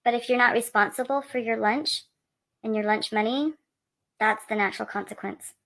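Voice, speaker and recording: A mother talking calmly and in a measured way, with an outwardly gentle tone. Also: on the high side. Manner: calm, measured, falsely gentle.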